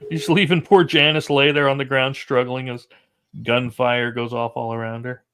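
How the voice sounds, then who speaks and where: A man's voice: medium pitch, flat delivery, moderate pace, a bit bright, smooth. A man running a tabletop horror game as game master, narrating dice results casually.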